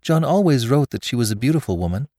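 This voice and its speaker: Guy doing a straight-talking old-maid schoolteacher, voice raised up higher. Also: sing-song, fast talker, warm tone, no echo, studio quality. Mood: matter-of-fact. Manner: plain-spoken and direct. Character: upright, blunt spinster schoolteacher.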